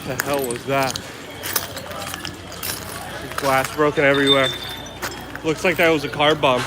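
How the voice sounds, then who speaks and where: A man's voice: mid-range voice, steady tone, unhurried. Shaken man reporting from a noisy street. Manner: shaken, repeated exclamations. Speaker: independent reporter. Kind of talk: live on-scene reporting. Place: outdoors on a city street. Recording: loud street noise outdoors.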